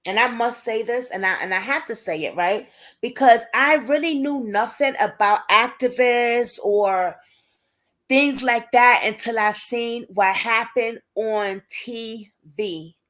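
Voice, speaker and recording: Slow-paced and a little high, this woman's voice has a bit of brightness to it. A young Brooklyn native with a matching accent, she hosts a casual advocacy livestream and talks to her viewers by name, emphatic and indignant.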